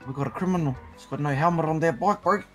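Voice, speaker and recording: A man's voice: on the high side, fast, music in the background. A man playing a police officer in a gaming roleplay, rowdy and swearing often.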